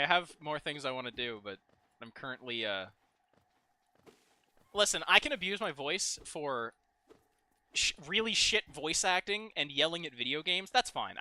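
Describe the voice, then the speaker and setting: A man's voice: a little high, sharp tone, dry recording. A young man sick with a strained voice, casually commentating a game stream, rambling, giggling and swearing freely. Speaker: gaming streamer. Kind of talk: casual let's play commentary.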